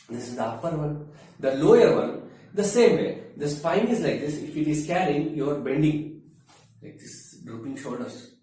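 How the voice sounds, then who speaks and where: A man, a wellness expert, explaining health advice slowly and deliberately, using everyday comparisons and frequent fillers. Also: medium pitch, dark tone. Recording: very echoey room, distant mic.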